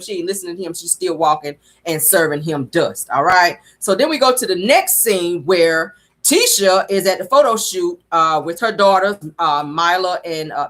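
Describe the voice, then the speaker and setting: A woman's voice: lowish voice, a bit bright. A woman hosting a reality-TV recap show, talking in a sassy, wisecracking way.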